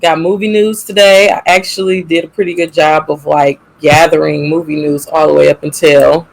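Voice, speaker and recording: Co-host, gravelly creaky voice, mid pitch, playful and expressive casual delivery. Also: normal speed, low-quality recording. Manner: expressive, playful, gets animated. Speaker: podcast co-host. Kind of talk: casual chat.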